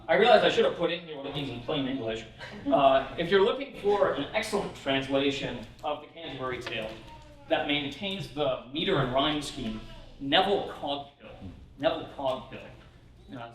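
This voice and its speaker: A man's voice: medium pitch, a bit bright. A man giving an informal poetry lecture as a pastor, chatty, with many fillers, checking in with "right?". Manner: reads old verse aloud in a lifted, sing-song voice. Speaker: pastor teaching a poetry class. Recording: echoey room, mic at a distance.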